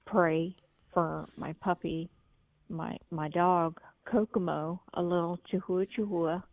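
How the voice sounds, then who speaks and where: A woman's voice: lowish voice, steady tone, unhurried, a little mellow, rough recording. A woman calling in to a talk show, telling things in an earnest, rambling way. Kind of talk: call-in talk.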